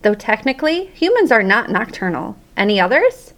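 A woman reading an audiobook voices a reserved female schoolteacher in a quiet, matter-of-fact manner. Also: on the high side, very animated, normal speed. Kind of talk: audiobook character voice.

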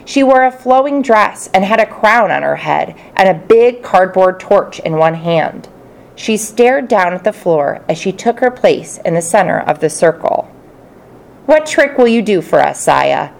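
A woman narrating a children's storybook in the first person, expressive and playful. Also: mid-range voice, unhurried, vocal fry. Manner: expressive, playful character voices. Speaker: audiobook narrator.

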